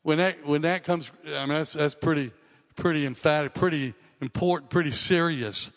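A man's voice: a little high, normal speed, fairly bright tone. A male pastor preaching a sermon in a conversational, earnest way, repeating and restarting phrases for emphasis. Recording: long reverb of a large hall.

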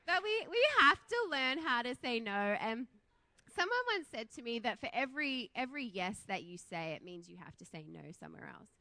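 A woman's voice: on the high side, very animated, a little fast, sharp tone. A woman in her thirties from Australia with an Australian accent, preaching a casual, chatty sermon in a church, laughing often and poking fun at herself.

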